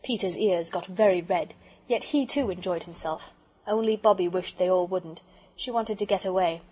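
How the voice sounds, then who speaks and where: Breathy woman narrating a children's audiobook. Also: on the low side, moderate pace, rough recording. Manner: expressive storytelling.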